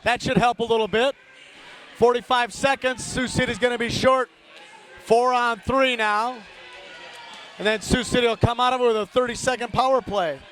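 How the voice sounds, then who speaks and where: Male play-by-play hockey announcer, very high voice, rapid name calls, chatty asides to listeners. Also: fairly even intonation, faint music behind. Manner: rapid-fire calls of player names, rising to shouts on big plays. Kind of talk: live play-by-play commentary.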